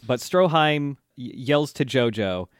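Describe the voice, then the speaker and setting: A man's voice: mid-range voice, expressive, measured pace, clear, resonant tone, dry recording, studio quality. A man co-hosting a podcast, recapping an anime episode in casual, rambling chat, laughing and swearing freely. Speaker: podcast co-host.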